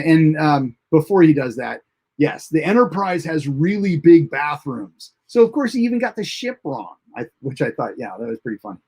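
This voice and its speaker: A man's voice: fairly high pitch, big pitch swings, normal speed, darkish tone, breathy edge. A man hosting a casual live TV episode review, recapping the plot in a rambling way with many fillers and restarts and chuckling at the funny parts. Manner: chuckles at funny moments while recounting. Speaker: host of a TV episode review show.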